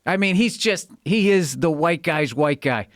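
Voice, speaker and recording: A man in a comedian's casual podcast chat, ranting loudly with swearing and snapping into mocking voices. His voice sits a little high for a man and jumps all over the place. It is recorded close to a studio microphone, with no room sound. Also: animated, unhurried, no room sound. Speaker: comedian guest.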